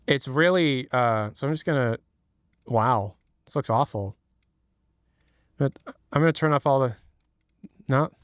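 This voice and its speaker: A man's voice: medium pitch, measured pace, pauses often, no echo, clean studio sound. A man streaming casual, rambling commentary while exploring game maps, cursing and joking as he goes. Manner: rambling, profane, jokey.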